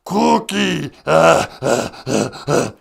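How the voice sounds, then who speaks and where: Gravelly male cookie monster: slow, shouted, growly. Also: mid-range voice, very animated, heavily acted. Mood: ravenous. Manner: shouted, slow, drawn-out grunts. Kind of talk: comedic puppet impression.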